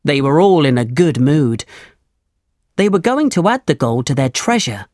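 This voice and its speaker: A narrator giving a measured, clear reading of a chapter book. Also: mid-range voice, sing-song, a little mellow, no echo, clean studio sound. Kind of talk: storybook reading.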